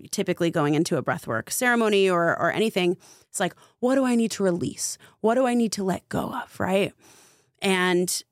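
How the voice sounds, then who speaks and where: Low gravelly woman telling a story. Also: no echo, studio quality. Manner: earnest, heavy use of filler "like". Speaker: podcast guest, spiritual coach. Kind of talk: casual storytelling conversation.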